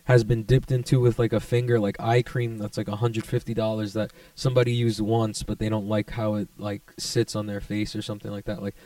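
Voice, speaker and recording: A young man rambling in a casual, profane vlog monologue, laid-back but jumping to excited bursts. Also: mid-range voice, no room sound, recorded from a distance. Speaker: vlogger.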